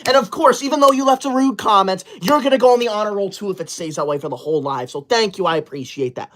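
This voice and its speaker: A man's voice: high voice, fast talker, fairly bright tone, slight background noise. Prim, indignant young man on a livestream. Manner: prim, indignant and defensive, scolding chatters; formal, overly precise wording. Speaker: livestream host. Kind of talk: in-character comedy livestream.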